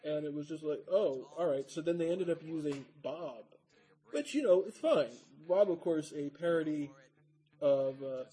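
A man co-hosting a podcast, recounting in a relaxed, rambling casual chat. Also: fairly high pitch, moderate pace, slightly rough, rough recording. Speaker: podcast co-host.

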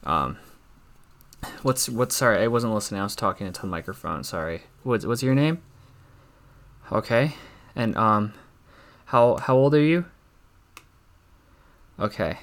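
A man's voice: lowish voice, a bit bright. Stammering young man doing awkward stand-up. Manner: halting, stammering, full of fillers and restarts. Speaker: stand-up comic. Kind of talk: awkward deadpan stand-up act.

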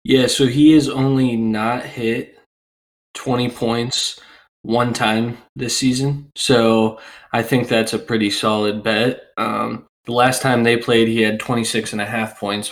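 A man in his twenties with a cold, co-hosting a casual sports podcast in a rough, sick voice, rambling and laughing easily. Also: medium pitch, a little slow. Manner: relaxed, rambling with fillers and laughs. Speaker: podcast co-host.

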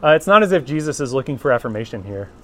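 A man's voice: medium pitch, sing-song, very fast, a bit bright. A conversational male Bible teacher. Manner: conversational, checks in with "right?" often. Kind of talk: informal class lecture.

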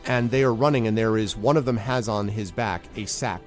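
A man narrating as game master in a tabletop game, relaxed and full of fillers. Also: fairly low pitch, fairly quick, faint music behind.

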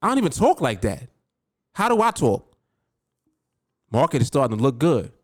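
A man's voice: medium pitch, huge pitch swings, normal speed, no echo, studio quality. A man hosting a podcast as a trading coach, talking emphatically, repeating key words and speaking straight to his listener. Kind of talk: motivational podcast talk.

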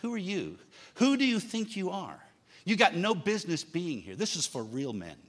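A man's voice: sits high, huge pitch swings, normal speed, a bit bright, heavily acted. A man doing a sneering, scornful older brother. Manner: belittling, mocking.

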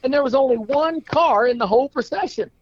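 A fretful, whiny rodeo clown , put on by a man telling a joke, pitched high and pleading. The voice sounds dull and close, with no room around it. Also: a little fast, no echo. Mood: aggrieved. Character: glum, fretful adult male rodeo clown.

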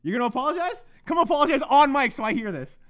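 Man ranting with swings in pitch. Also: sing-song, fast, no room sound, clean studio sound. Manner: heavy swearing, swings between shouting and hushed muttering. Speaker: podcast host. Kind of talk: profane solo podcast rant.

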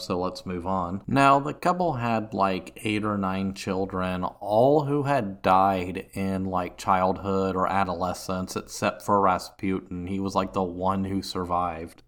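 A man's voice: deep voice, a bit bright. A man from Ohio hosting a history podcast, telling the story in a rambling, casual way with profane asides. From Ohio, USA.

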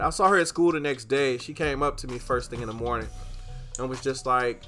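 Young guy hosting a podcast, bright punchy voice, gets loud and animated telling stories. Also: moderate pace, soft background music. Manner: animated, gets loud and high when excited. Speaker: podcast host. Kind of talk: casual storytelling.

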